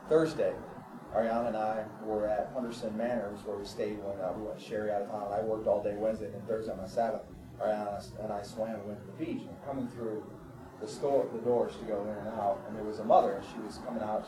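A man preaching a sermon, reading scripture with rising fervor and then telling everyday stories in a conversational way. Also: medium pitch. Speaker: pastor. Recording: echoey room, far from mic, crowd.

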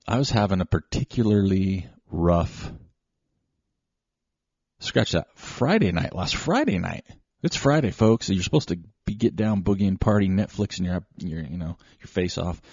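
A man hosting a show, telling a casual, rambling, self-deprecating story with animated asides. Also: sits low, no echo. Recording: slightly dull lo-fi recording.

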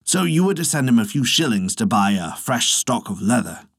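A man voicing a sly old soldier, speaking slowly and calmly with a husky voice. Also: medium pitch, dry recording, studio quality, full character voice. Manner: slow, unhurried, sly. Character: sly old soldier trickster, smooth and calm.

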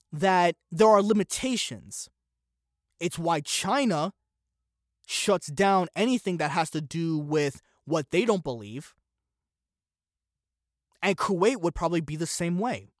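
A man's voice: sits high, no room sound, studio quality. A man hosting a solo commentary podcast, opinionated and sarcastic, firing off one rhetorical question after another. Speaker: podcast host.

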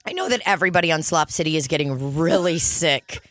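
Young woman co-host, low register, sweary and teasing, dry close mic. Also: brisk, fairly bright tone, no room sound. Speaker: podcast co-host. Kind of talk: casual chat.

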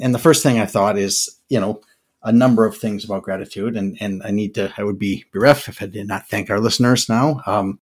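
An older man with a lowish, slightly rough voice hosts a podcast in a casual monologue. He muses reflectively through his thoughts, often restarting his words.

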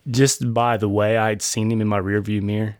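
A man's voice: lowish voice, level tone, fairly quick, dry recording, clean studio sound. A man of about thirty, a podcast host, telling a story casually and acting out the quotes, often laughing. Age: 30s.

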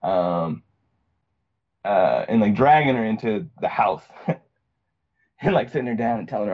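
Young male podcast guest from Virginia, casual storyteller, lots of fillers, slightly low voice, muffled lo-fi audio. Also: animated, a little slow, long pauses. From Virginia, USA. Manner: rambling, many fillers and restarts. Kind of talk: personal story, casual talk.

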